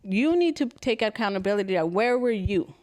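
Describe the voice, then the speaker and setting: A woman co-hosting a casual podcast chat. She tells her parenting stories bluntly and gets heated, cussing freely. Her voice sits at an ordinary middle pitch. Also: lively intonation, a little fast, a little mellow. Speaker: podcast co-host.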